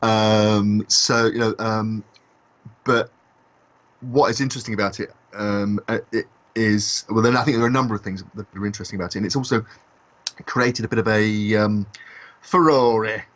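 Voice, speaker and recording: A man co-hosting a podcast discussion, talking in a halting way with many fillers and restarts. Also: on the low side, steady tone, a bit bright. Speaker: podcast co-host. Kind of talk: casual discussion. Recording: dull lo-fi podcast audio.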